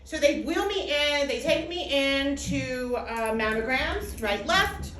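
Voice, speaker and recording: A middle-aged woman giving a personal testimony talk, telling her story in a lively way and acting out what people said. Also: high-pitched, slow. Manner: animated storytelling with acted-out quotes. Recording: echoey hall, distant mic, faint noise.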